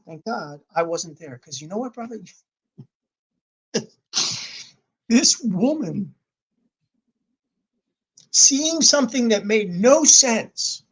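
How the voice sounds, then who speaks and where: Husky man telling a heartfelt story. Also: a little high, rough recording. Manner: emphatic, swings from loud to near whisper. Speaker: podcast guest. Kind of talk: emotional personal storytelling.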